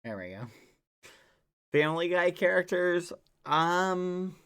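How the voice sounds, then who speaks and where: A man chatting casually with his stream chat in a relaxed, joking way. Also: sits high, takes it slowly, clear, resonant tone.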